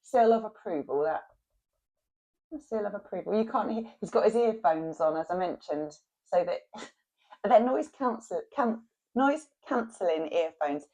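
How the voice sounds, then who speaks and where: A woman's voice: mid-range voice, animated, a little slow, darkish tone. Woman vlogging in her kitchen, chatty and homely, laughs a lot. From England. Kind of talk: casual chat while cooking.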